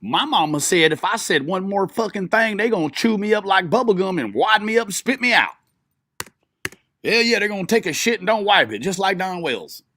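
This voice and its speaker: A man reacting to a live video as a streamer speaks in a high-pitched, sharp voice, brisk and full of big pitch swings. He fires off profane, mocking commentary and often bursts out laughing.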